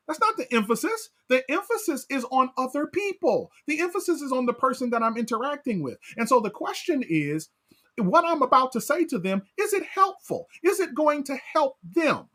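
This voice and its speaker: A man leading a Bible study as pastor, animated, asking his class questions and often tagging on "right?". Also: very high voice, moderate pace.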